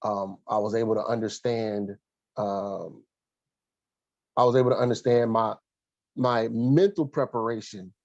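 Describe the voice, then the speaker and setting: A man recalling his past in an interview, earnest and halting, pausing often with fillers and restarts. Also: lowish voice, steady tone, darkish tone, no echo, muffled recording. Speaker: guest, former college athlete and coach. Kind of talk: reflective interview storytelling.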